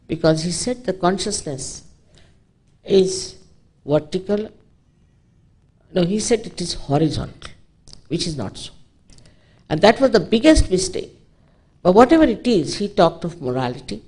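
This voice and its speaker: A woman's voice: lowish voice, sing-song, a little slow, long pauses, dark tone, breathy edge. Emphatic Indian woman giving a spiritual talk. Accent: Indian English. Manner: emphatic, storytelling lecture with asides. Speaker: spiritual teacher.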